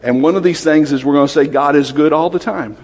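A man preaching a sermon, quick-fire and lively, often asking questions of the congregation. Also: fairly high pitch, big-room sound.

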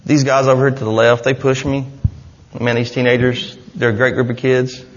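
An earnest man speaks to a church gathering, rambling through his testimony with frequent restarts. His middle-pitched voice rings out in a long-echoing hall. The recording sounds dull and muffled. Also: little pitch movement, fairly quick. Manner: earnest, rambling, with many restarts and "you know". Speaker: church member giving a testimony. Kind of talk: personal testimony to a congregation.

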